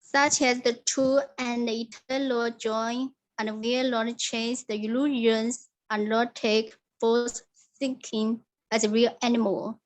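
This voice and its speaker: A woman student recites a memorized passage slowly and with care. Her voice sits fairly high, and her delivery is steady and deliberate. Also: low-quality recording. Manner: careful, measured recitation.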